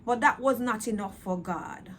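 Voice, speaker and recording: A woman giving a personal faith testimony in a slow, reflective, earnest way, pausing often with fillers and speaking openly about her feelings. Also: a little high, a little hiss or hum. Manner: earnest, emotionally open.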